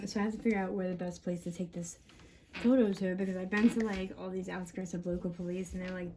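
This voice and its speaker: A woman rants to camera in a long, rambling monologue, her voice mellow and soft-edged despite the heavy cursing. She sounds agitated and laughs between thoughts, and a faint hiss of noise sits under her. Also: on the low side, fairly quick. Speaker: mother venting on camera.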